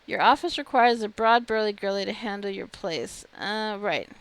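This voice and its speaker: A woman giving casual, wry commentary while playing a game, chatty and quick to laugh. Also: medium pitch, no echo. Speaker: game streamer. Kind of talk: casual let's-play commentary.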